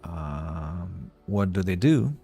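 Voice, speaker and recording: A man's voice: low-pitched, expressive, extremely slow, gravelly, dark tone, breathy edge, faint music behind. A man streaming a game, chatting casually and greeting viewers. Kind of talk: casual live-stream commentary.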